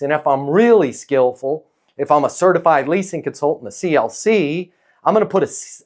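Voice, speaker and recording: Calm man coaching leasing staff. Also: on the high side, brisk. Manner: coaching, peppered with "okay?" and "right?" tags; calm, neutral, non-pushy tone. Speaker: leasing sales trainer. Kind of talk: casual training talk.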